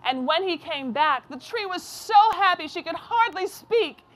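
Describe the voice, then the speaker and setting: A woman reading a children's story aloud in a soft, deliberate way. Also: extremely high pitch, lively intonation.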